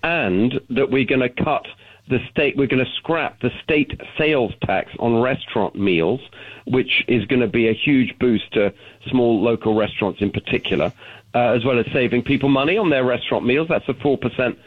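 A man with a British accent, calling in as a guest on a talk radio show, talking in an animated way and often restarting his sentences. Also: medium pitch, moderate pace, slightly rough. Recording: phone-line call-in audio.

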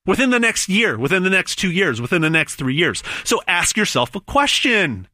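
A man giving a hard-sell gold pitch, emphatic, stumbling over repeated words and pausing dramatically on big numbers. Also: sing-song, bright, forceful tone, no room sound, clean studio sound. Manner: emphatic, stammering repetitions, dramatic pauses on numbers. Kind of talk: hard-sell promotional monologue.

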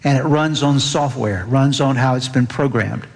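A man's voice: moderate pace, vocal fry. A man preaching an earnest sermon as pastor, lifting his voice when he reads scripture aloud. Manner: earnest, rises in pitch reading scripture aloud. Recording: long hall reverb.

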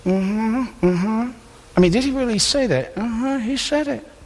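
A man voicing gossiping male scribes who are scandalized, with a hushed, tattling delivery. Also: very high-pitched, unhurried, long reverb tail, pitched above the performer's own voice, full character voice.

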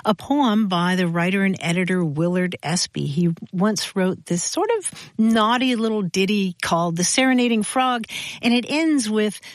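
A woman's voice: mid-range voice, moderate pace, dry recording, clean studio sound. A woman co-hosting a radio call-in show, telling anecdotes in a chatty, casual way.

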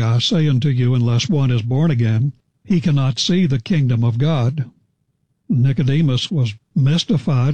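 A man delivers an expository sermon, reading passages and unpacking them in an explanatory, conversational tone. His voice is mellow and warm at a middle pitch. The recording is dry and slightly muffled, with a dull lo-fi sound. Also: husky, no room sound. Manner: measured, explanatory, paraphrasing scripture conversationally. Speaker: preacher. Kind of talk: expository Bible teaching.

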